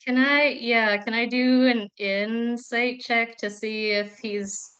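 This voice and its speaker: Slow-talking woman player. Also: fairly high pitch, steady tone, a bit bright, dull audio, slight background noise. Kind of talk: casual tabletop game play.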